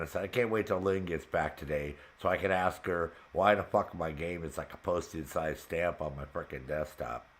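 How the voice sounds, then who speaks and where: Speaking at normal speed with few pauses, a deep-voiced man hosts a gaming show. His chat is casual and profane as he recounts what frustrated him, and he frequently bursts out laughing.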